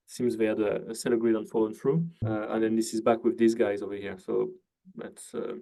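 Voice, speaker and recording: A man's voice: on the low side, flat delivery, fairly quick, gravelly, dark tone. A man hosting a casual interview, easygoing, filling gaps with "you know" and "uh". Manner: easygoing, lots of fillers, asks leading questions. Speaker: host. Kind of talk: casual interview on a video call.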